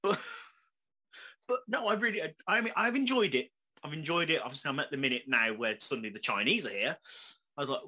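A man chatting casually as a podcast co-host, animated, swearing freely and laughing often. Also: fairly high pitch, fairly quick, husky. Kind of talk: casual chat.

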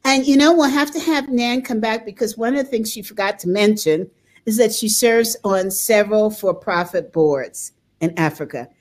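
A woman's voice: medium pitch, moderate pace. An older woman hosting a talk show, telling stories with frequent laughter in a casual conversation. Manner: laughs often, lively storytelling.

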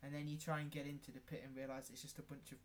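A young man co-hosts a podcast and rants with sarcasm and a few swear words. His voice sits slightly high for a man. Faint background noise hums beneath him. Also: flat delivery, racing. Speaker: podcast co-host. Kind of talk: casual chat.

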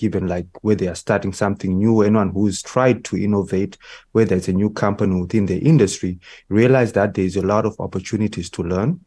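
A man who heads a company, speaking as a guest and giving a thoughtful, measured answer. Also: low voice, warm tone, husky, no echo. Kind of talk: reflective interview answer.

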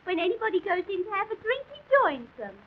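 A woman's voice: extremely high pitch, big pitch swings, fast talker. A woman voicing a cheeky little girl who keeps repeating her stories in a singsong way, on a dull old gramophone recording.

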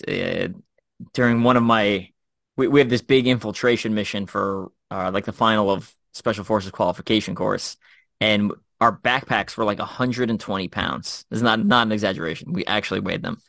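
Animated storytelling man, low and dry. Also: vocal fry, dry recording. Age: middle-aged. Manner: animated storyteller, many fillers and restarts. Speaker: former Special Forces officer, guest co-host. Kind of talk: casual podcast chat, storytelling.

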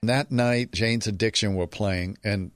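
Male interview guest, low-pitched, dry close recording, animated storyteller who does the voices of the people in his story. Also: a little slow, no echo. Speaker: guest telling a personal story. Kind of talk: conversational storytelling.

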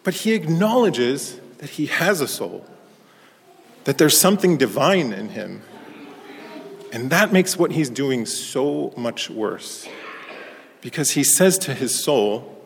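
This parish priest speaks slowly in a husky, medium-pitched voice with vocal fry, pausing often. His church sermon is conversational and full of stories that he tells with animation, all under a long reverb tail.

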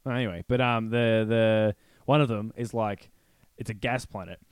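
A man's voice: lowish voice, fairly even intonation, moderate pace, smooth, no room sound, clean studio sound. A man co-hosting a podcast in casual chat, rambling through movie scenes and swearing as he goes. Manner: rambling, recounts scenes with voiced quotes, swears. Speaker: podcast co-host.

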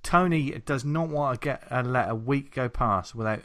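Bright-voiced podcast host. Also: male voice, mid-range voice, moderate pace, no room sound. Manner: jokey, teasing. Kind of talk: casual chat.

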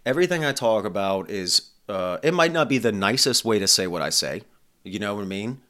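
A man's voice: lowish voice, expressive, brisk, pushed and bright. A man hosting his own podcast, talking in a blunt, profane, rambling casual monologue. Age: adult. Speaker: podcast host.

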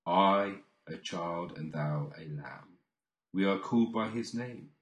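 Slow, low-voiced man reciting poetry. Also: reverberant. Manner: expressive, swelling on key lines and falling to near-whispers. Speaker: poetry reader.

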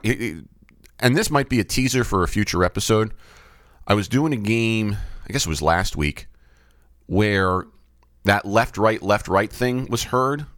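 A man's voice: lowish voice, a bit bright, no room sound. A man, middle-aged, hosting a podcast and thinking aloud, often asking himself questions and restarting his sentences. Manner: musing, asks himself questions, frequent restarts. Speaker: podcast host and baseball umpire. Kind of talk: reflective solo podcast talk. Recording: dry close-miked studio sound.

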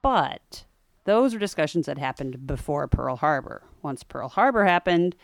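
A woman co-hosting a podcast, telling a history story in a chatty way with wry, animated asides. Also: low voice, moderate pace, vocal fry, no room sound, studio quality. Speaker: podcast co-host.

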